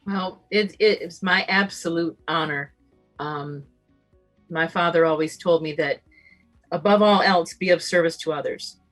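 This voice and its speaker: Middle-aged woman, radio talk host guesting, confident, lowish voice, faint music behind. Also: measured pace, a bit bright. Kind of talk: guest interview on a live video show.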